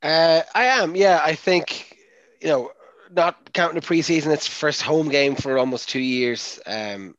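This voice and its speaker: A man's voice: on the high side, a little slow, a bit bright, no room sound. A man talking casually on a sports podcast, full of fillers and restarts as he works out his thoughts. His recording sounds dull and slightly lo-fi, and it is dry and close. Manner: hesitant, many fillers and restarts. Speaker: podcast co-host.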